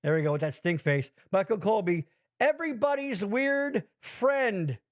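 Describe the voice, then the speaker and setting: A man's voice: high voice, unhurried, dry recording. A man hosting a live-streamed show, rambling and swearing in casual chat. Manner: rambling, swears freely, animated. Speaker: podcast host.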